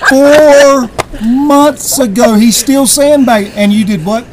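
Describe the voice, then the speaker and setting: A man's voice: very high voice, takes it slowly. A man telling a story with laughter and acted-out quotes, ribbing a friend in casual banter. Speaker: competition barbecue cook, guest. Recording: loud crowd noise behind.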